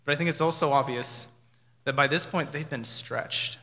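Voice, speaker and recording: A man's voice: fairly high pitch, normal speed, pushed and bright. A man preaching a sermon in a conversational, reflective way, often acting out what people might have said. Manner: conversational, reflective, with imagined dialogue. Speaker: pastor. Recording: reverberant hall.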